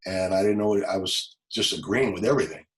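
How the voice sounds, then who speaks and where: A man in his forties, a former police officer, telling a personal story as a podcast guest, halting and emotional, often repeating words. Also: sits low, low-quality recording. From Los Angeles. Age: 40s.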